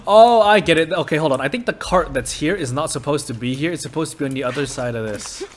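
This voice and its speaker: A man's voice: medium pitch, quick pace. A man doing casual gameplay commentary, thinking aloud, joking and cursing at the game. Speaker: let's play commentator. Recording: game music under voice.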